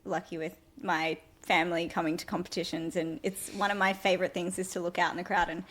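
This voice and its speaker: A woman's voice: on the low side, fast. Chatty young woman telling stories. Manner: chatty, animated storyteller. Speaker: guest, former tumbler. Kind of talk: casual podcast interview.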